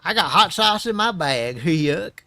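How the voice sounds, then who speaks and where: A man's voice: high voice, expressive, measured pace, sharp tone, no room sound, full character voice. A man putting on an exaggerated, sneering parody voice of a woman politician with a fake drawl. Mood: mocking.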